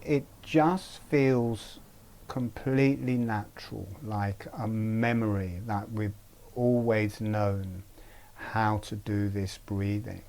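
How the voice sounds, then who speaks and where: A man teaching a breathing practice in an online webinar, speaking gently and haltingly, with frequent pauses. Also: medium pitch. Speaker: meditation teacher.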